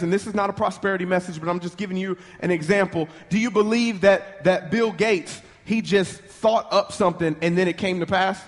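High-voiced man preaching in a reverberant hall. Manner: fervent, call-and-response, rapid bursts with restarts. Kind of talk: sermon.

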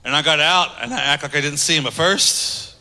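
A man preaching a sermon, driving points home with emphatic repetition and easing into softer storytelling. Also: on the high side, brisk, long reverb tail. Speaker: pastor.

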